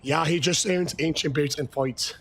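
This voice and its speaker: Brief: high-voiced gravelly male streamer, shouting to chat, out of breath. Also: moderate pace. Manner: hyped, shouting bursts to chat. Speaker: gaming streamer. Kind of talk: live game stream commentary.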